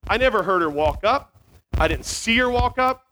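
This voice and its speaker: A man telling a funny story to an audience, animated and self-mocking, acting out sounds, with a small mic near his beard. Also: high voice, moderate pace.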